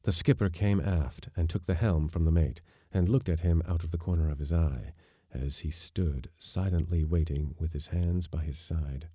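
A man reading a short story aloud as a podcast narrator, with measured, even storytelling. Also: rumbling low, husky, dry recording, clean studio sound. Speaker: audiobook narrator. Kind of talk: scripted narration.

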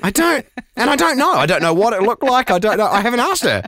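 A man's voice: very high voice, very animated, fast talker, pushed and bright, no echo. A middle-aged man, a radio host in a studio, telling a story in casual chat and breaking into laughter often.

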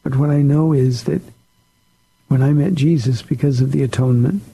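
A man's voice: mid-range voice, normal speed, vocal fry, mellow, husky, poor audio. A pastor on a call-in radio show, a man answering listener questions in an earnest, plain-spoken way.

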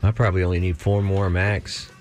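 A man's voice: low-pitched, level tone, brisk, a little mellow. A man co-hosting a radio show, joking and riffing in casual, mock-boastful banter.

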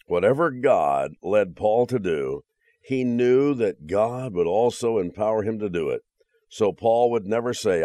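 A man's voice: deep voice, darkish tone, dry recording, studio quality. A man hosting a daily radio show, giving an earnest devotional talk and then a friendly sign-off. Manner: earnest preaching, then joking. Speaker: radio host.

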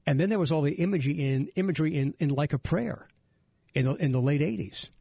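A man's voice: on the high side, fast talker, creaky, mellow, husky, no room sound. A middle-aged man hosting a radio talk show, rambling and restarting his sentences as he tells stories. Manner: rambling, self-interrupting storyteller.

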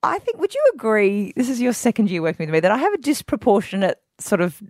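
Woman radio host, lively and laughing, close and dry mic. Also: mid-range voice, quick pace, no echo. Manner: animated, laughing storyteller. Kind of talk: casual radio banter.

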